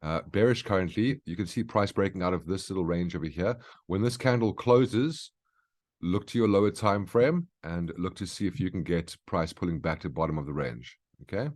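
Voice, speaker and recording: In a low, darkish voice at normal speed, this man hosts a daily market brief. He takes viewers through price charts live in a relaxed, instructive manner, frequently tossing in "okay?".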